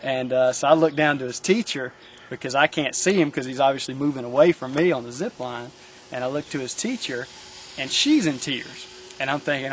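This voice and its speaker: Man recalling a camp story haltingly. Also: medium pitch. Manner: halting storytelling with many uh fillers and repeats. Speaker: camp staff member telling a story. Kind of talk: personal anecdote in an interview.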